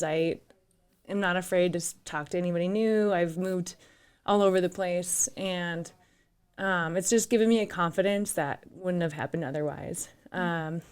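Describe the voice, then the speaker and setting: On a studio microphone, a woman in her thirties from northern Minnesota speaks with a Minnesotan accent. Her voice is fairly low, steady, clear and resonant, at a normal speed. She's a guest in a casual interview, telling her story in a laughing, open way.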